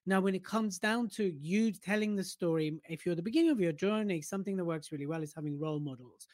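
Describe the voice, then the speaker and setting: A man co-hosting a casual chat about public speaking, relaxed and playfully teasing. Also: high-pitched, fast talker, no room sound, studio quality. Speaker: podcast co-host.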